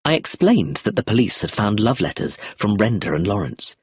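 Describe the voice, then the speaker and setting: A man reading a novel aloud as narration for English learners, clear and measured. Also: on the low side, very animated, no room sound, studio quality. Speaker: audiobook narrator.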